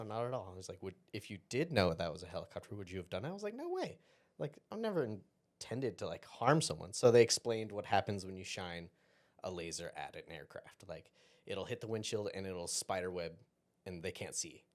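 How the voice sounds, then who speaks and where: A man telling a personal story as a podcast guest, rambling casually and acting out quoted exchanges. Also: on the low side. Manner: rambling, self-interrupting anecdote with quoted dialogue.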